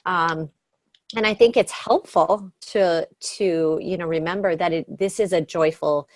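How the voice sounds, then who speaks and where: A woman co-teaching a class, speaking in a gentle, joyful and reflective way. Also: fairly low pitch, measured pace, no echo, clean studio sound.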